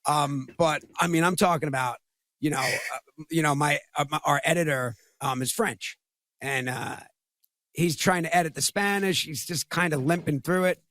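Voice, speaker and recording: A middle-aged man talking as a podcast guest in casual conversation, halting and often repeating his words. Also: a little high, a bit bright, no room sound.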